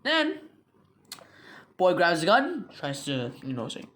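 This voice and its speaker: A man's voice: high-pitched, huge pitch swings, slow pace, fairly bright tone, slight background noise. A young man casually recapping a comic book, rambling with lots of fillers, restarts and slang.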